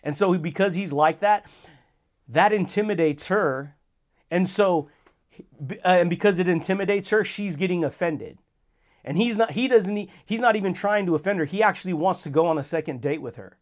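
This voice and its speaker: A man with a high-pitched voice hosts a motivational podcast alone. He talks casually and enthusiastically in slang, calls his listeners buddy, and chuckles often between points. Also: moderate pace. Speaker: podcast host.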